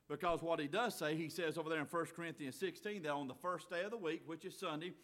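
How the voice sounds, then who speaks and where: A man preaching a sermon as pastor, folksy, moving from quiet asides to loud shouting. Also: a little high.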